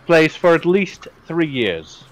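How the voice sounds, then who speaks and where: A man's voice: on the high side, big pitch swings, slow pace, slight background noise, low-quality recording. A man playing a tabletop game, rambling and joking in casual chat. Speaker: player.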